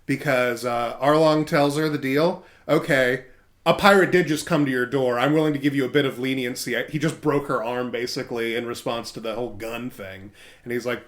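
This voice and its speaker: A man's voice: mid-range voice, steady tone, fairly quick. A man co-hosting a casual podcast, animatedly retelling a story and slipping into quoted voices as he goes. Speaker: podcast co-host recapping a manga. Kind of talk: casual chat.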